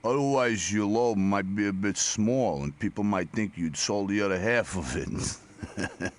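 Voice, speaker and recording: Blunt, needling camp worker with a thick Bronx accent, played by a man, lowish voice, game dialogue. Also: measured pace, close to an everyday voice. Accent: New York, Bronx. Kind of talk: video game voice acting.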